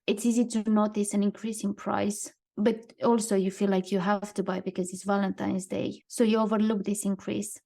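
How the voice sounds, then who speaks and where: A woman's voice: medium pitch, little pitch movement, normal speed, creaky, few pauses, warm tone. A woman co-hosting a casual podcast, talking through things she has read in a thoughtful way. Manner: thoughtful, reads out quotes and card lines. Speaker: podcast co-host. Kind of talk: casual podcast chat, partly read from notes.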